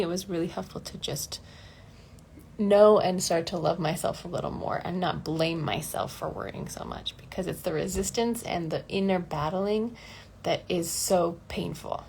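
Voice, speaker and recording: A woman's voice: mid-range voice, vocal fry, darkish tone, slight background noise. A woman vocal coach talking casually and candidly in a livestream lesson, laughing often and acting out the voices in her head.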